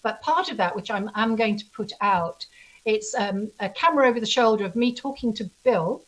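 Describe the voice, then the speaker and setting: A woman with a fairly high voice tells her stories in a lively way. She stops and restarts her sentences often, sounding like a guest talking about her book in an easygoing interview. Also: normal speed, rough recording. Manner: animated storyteller, many restarts. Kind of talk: casual video interview chat.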